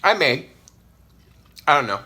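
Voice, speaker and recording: Loud, playful Puerto Rican man. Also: fairly high pitch, unhurried. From Puerto Rico. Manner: loud, playful and animated, with frequent hums of enjoyment. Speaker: mukbang vlogger. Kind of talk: casual chat while eating.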